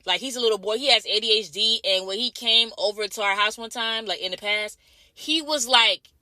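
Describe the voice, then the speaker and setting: A woman's voice: mid-range voice, a little fast, pushed and bright, no room sound. A woman from Jamaica in a casual vlog, ranting bluntly and profanely, repeating her points over and over. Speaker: vlogger.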